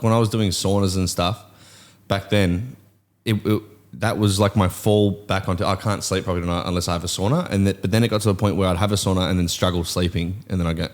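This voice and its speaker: A man's voice: sits low, fairly even intonation, a little fast. A man co-hosting a podcast, giving short replies and thinking aloud in casual chat. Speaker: podcast co-host.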